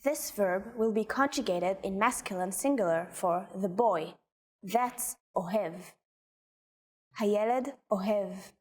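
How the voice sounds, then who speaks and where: A woman teacher calmly demonstrating example sentences in a lesson, speaking carefully. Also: mid-range voice, big-room sound. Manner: calm, careful, slow example phrasing. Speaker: language teacher.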